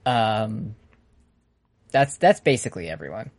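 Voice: medium pitch, lively intonation, measured pace, breathy edge. A podcast co-host chatting casually, rambling and joking, often breaking off mid-sentence. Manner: rambling, jokey, self-interrupting. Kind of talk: casual chat.

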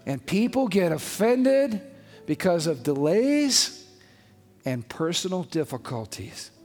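High-voiced emphatic male pastor preaching. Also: very animated, takes it slowly, darkish tone. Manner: emphatic, conversational, rhetorical questions. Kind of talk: sermon. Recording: long hall reverb, faint music behind.

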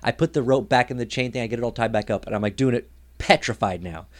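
A young man co-hosting a casual podcast chat, telling stories with loud, lively outbursts. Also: mid-range voice, fast talker. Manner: animated storyteller, loud outbursts when acting out scenes. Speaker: podcast co-host.

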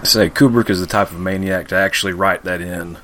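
Low-voiced man with dry remarks. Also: fairly even intonation, fairly quick, bright, forceful tone, slight background noise. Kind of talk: casual movie podcast chat.

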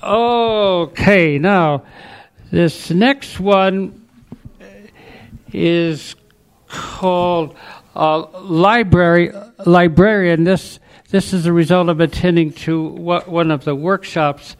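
A man from New Mexico reading his own short poems aloud, expressive and theatrical. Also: high voice, clear, resonant tone. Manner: unhurried, expressive, with theatrical voice changes. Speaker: poet reading at a chapter meeting. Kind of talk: poetry reading with dramatic storytelling.

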